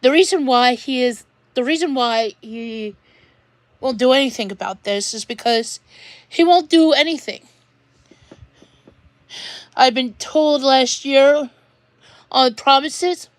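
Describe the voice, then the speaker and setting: A woman with a high voice rants to her viewers, upset and near tears. She stops and restarts her sentences as she talks. The sound is dry and close. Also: slow, long pauses, no room sound. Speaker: vlogger. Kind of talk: emotional rant to camera.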